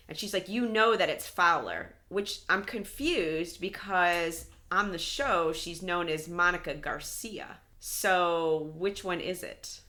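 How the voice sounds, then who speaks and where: Bright-voiced woman recapping with gusto. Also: on the low side, takes it slowly, hardly any pauses. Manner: animated retelling, acts out quotes, laughs often. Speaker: podcast co-host recapping a reality show. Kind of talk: casual recap chat.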